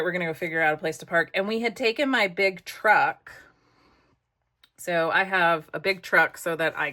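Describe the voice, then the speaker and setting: A woman's voice: on the low side, sharp tone. A middle-aged American woman telling a rambling story while crafting, with chatty asides to herself. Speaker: crafting vlogger.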